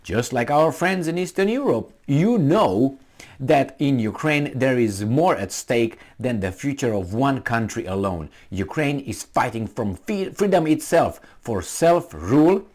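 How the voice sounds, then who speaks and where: A man putting on a high falsetto to mock a woman politician giving a solemn, overblown speech. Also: big pitch swings, unhurried, a little mellow.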